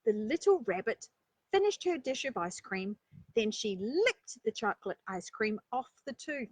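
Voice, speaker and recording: A woman reading a children's story aloud, breaking off for chatty asides and rhetorical questions to her listeners, with a breathy voice. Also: a little high, big pitch swings, a little slow, no room sound. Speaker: storyteller and life coach.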